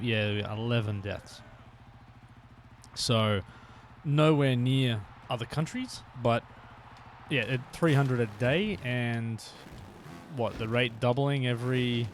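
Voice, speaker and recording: A man's voice: mid-range voice, slight background noise. A man streaming a video game live, chatting casually and thinking aloud with fillers, from Australia.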